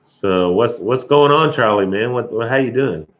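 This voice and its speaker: Over dull lo-fi stream audio, a middle-aged man runs a relaxed livestream chat, welcoming viewers by name, chuckling and sometimes coughing. He speaks at a normal speed with a medium pitch and lively intonation.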